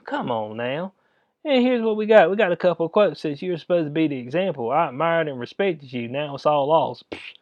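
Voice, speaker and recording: A man's voice: fairly high pitch, no room sound. A man ranting casually in a rambling, slangy way, laughing at his own jokes. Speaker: commentary vlogger. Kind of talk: casual rant. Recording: dull lo-fi sound.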